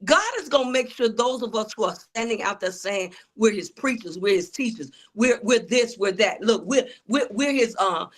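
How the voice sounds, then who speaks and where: Fairly high-pitched with lively intonation, this woman speaks at a normal speed with few pauses. An author and preacher, she recounts her testimony in an interview setting, preaching and calling out to the audience as "y'all."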